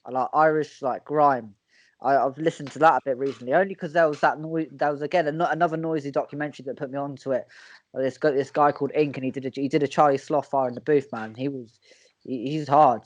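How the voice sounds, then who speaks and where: A man's voice: mid-range voice, steady tone, quick pace, no room sound, highs cut off. A man from England co-hosting a podcast, chatting casually and repeating words while he gathers his thoughts. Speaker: podcast co-host. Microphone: headphones with a close mic.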